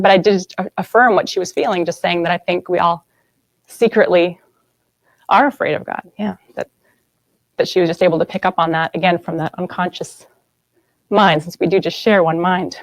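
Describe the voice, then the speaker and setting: Low-voiced woman giving a spiritual talk. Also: dry recording, low-quality recording. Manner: earnest, asks the audience "right?" often. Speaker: guest speaker.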